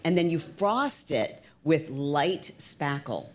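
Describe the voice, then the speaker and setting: A middle-aged woman entrepreneur telling stories as an interview guest, lively and chatty with lots of "like" and restarts. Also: deep voice, takes it slowly. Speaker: guest, entrepreneur and fitness instructor. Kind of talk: casual storytelling interview.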